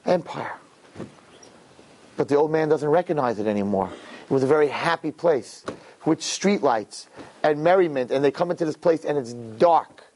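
A man telling a parable in a sermon, animated and building to impassioned peaks. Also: a little high, slight background noise. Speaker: religious teacher. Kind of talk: sermon storytelling.

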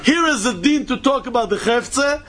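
A man's voice: extremely high pitch, expressive, normal speed, fairly bright tone. A man giving a Talmud study lecture in a sing-song style, mixing in Yiddish and Hebrew terms and rising into questions. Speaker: Talmud teacher.

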